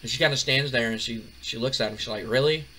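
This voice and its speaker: A man narrating a game playthrough in a loose, chatty way, full of fillers and restarts. His voice is bright, with a faint hiss behind it. He speaks at a mid pitch. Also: steady tone, quick pace, low-quality recording. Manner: chatty, rambling, many fillers. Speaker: gaming channel host.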